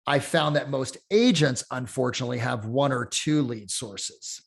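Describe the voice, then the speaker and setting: Middle-aged male real estate coach, mid-pitched, energetic storyteller who swears and acts out quotes in a casual chat. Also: normal speed, creaky, slightly rough.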